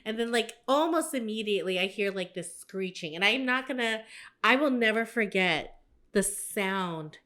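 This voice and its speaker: A woman's voice: medium pitch, animated, moderate pace, bright, forceful tone. A woman co-hosting a podcast, telling a story in casual chat, swearing freely and quoting herself in a jumped-up voice. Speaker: podcast co-host.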